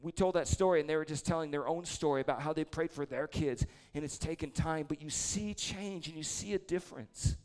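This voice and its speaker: A man in his forties preaches a storytelling sermon to a church congregation, spinning chatty, self-deprecating tales with humor. His voice is a little high, smooth and darkish, and he moves briskly with hardly any pauses.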